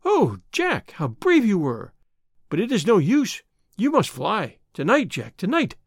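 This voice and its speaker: A man's voice: high voice, very animated, moderate pace, slightly rough, no echo, clean studio sound, pitched above the performer's own voice, full character voice. A man reading a story aloud, voicing a frightened young woman who pleads with her lover. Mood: desperate. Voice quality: breathless, imploring.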